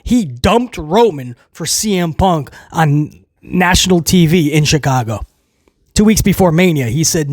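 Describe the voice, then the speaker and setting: A man recapping a wrestling show in a casual, excitable way, rambling with restarts and chuckles. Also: a little high, normal speed, no room sound, studio quality.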